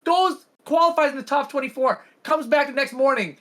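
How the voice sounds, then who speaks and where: Guy on a gaming podcast ranting fast about a match, sharp bright voice. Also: very high voice. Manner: fast, emphatic storytelling. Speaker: podcast co-host. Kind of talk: casual gaming podcast chat.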